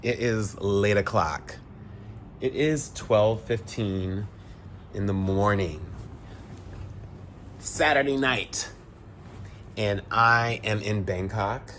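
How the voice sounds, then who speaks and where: A young man talking casually to his viewers at night indoors, relaxed and reflective, rambling with fillers. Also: on the low side, takes it slowly, slight background noise. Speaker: vlogger. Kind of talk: casual late-night vlog talk.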